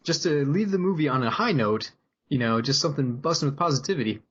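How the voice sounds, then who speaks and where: A man with a husky voice hosts a casual comedy podcast, reading lines aloud in a flat, deadpan way. The audio is dull and lo-fi. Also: fairly high pitch, quick pace. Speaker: podcast co-host.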